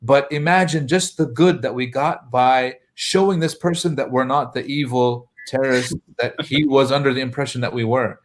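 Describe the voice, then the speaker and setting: A man's voice: mid-range voice, fairly even intonation, moderate pace, hardly any pauses. A man from the United States, a mosque imam, telling anecdotes casually in a panel talk, chuckling now and then.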